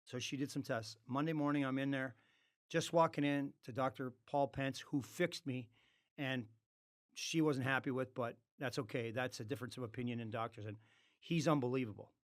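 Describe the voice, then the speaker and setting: Animated storytelling man, blunt and profane. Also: medium pitch, normal speed. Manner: animated, acts out quoted dialogue, swears freely. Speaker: podcast guest. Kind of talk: casual storytelling.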